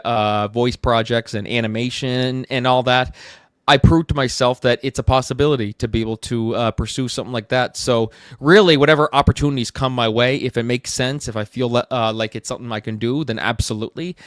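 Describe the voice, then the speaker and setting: A man's voice: mid-range voice, fairly even intonation, brisk, smooth, no echo, clean studio sound. A man from Canada, an actor and theatre director, speaking as a podcast guest in a reflective, casual way with plenty of fillers. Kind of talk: casual interview chat.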